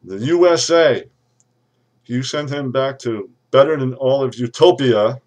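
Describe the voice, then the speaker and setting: A man's voice: mid-range voice, measured pace, natural voice. A man playing a pompous, irate lawyer who rants and threatens to sue everyone, recorded on a webcam. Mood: ranting. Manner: ranting, threatening lawsuits, sudden shouts. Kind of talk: comedic webcam character rant.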